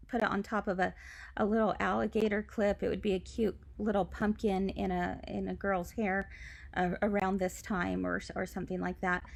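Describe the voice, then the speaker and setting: Chatty woman with a gravelly voice. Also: medium pitch. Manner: chatty and confiding, lots of asides. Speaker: quilt shop host. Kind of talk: live craft tutorial. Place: at home.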